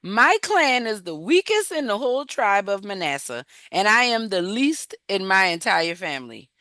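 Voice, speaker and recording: A woman's voice: mid-range voice, sing-song, moderate pace, bright, forceful tone, no echo, clean studio sound. A woman voicing a fearful biblical man who anxiously pleads and protests that he is too weak. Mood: anxious pleading.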